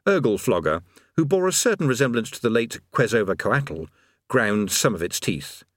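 A man reads a comic novel aloud in a wry, expressive way. His pitch moves widely through each sentence. The close studio recording is dry, with no room sound. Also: moderate pace, no echo. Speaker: audiobook narrator. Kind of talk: scripted narration.

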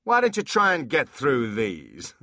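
A man's voice: medium pitch, wildly swooping pitch, measured pace, pushed and bright, no room sound, clean studio sound, voice pushed up, exaggerated voice. A man voicing a mocking, bullying male demon leader who taunts a small imp. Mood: taunting. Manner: taunting, jeering.

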